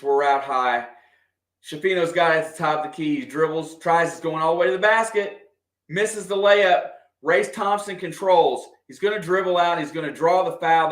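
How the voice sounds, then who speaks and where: A man doing casual, partisan play-by-play of a basketball game for a livestream, excitable and quick to react to the officials. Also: a little high. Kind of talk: fan play-by-play commentary. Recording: echoey room.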